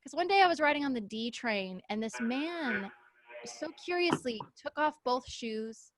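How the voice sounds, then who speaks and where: A woman's voice: sits high, normal speed, noisy background. A young woman from New Mexico doing a stand-up set, telling stories and acting out the people in them. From Albuquerque, New Mexico. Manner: animated storytelling, acting out characters. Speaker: stand-up comedian. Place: comedy show.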